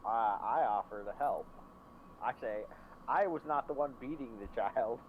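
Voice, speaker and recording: A man's voice: mid-range voice, normal speed, narrow, tinny audio, a little hiss or hum. A man playing a tabletop game, joking and offhand about his character. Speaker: player. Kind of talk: casual tabletop play.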